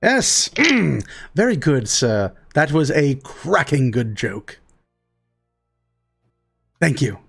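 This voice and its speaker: A man's voice: medium pitch, very animated, very slow, vocal fry, long pauses, breathy edge, soft background music, heavily acted. A man playing an overly polite, stiff brother who speaks in a formal, courteous way.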